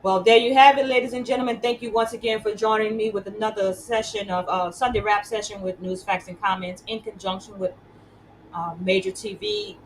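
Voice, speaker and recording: A woman's voice: mid-range voice, steady tone, fairly quick, a little hiss or hum, rough recording. A woman hosting an interview show, talking conversationally and repeating words as she builds her points. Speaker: host.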